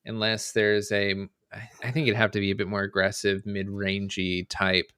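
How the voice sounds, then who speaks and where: A man's voice: lowish voice, moderate pace, clear, resonant tone, no echo. Laid-back man on a dry mic. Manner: relaxed, reads card text aloud, hedges with "I think". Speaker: co-host. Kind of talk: casual chat about a card game. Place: home studio, livestream.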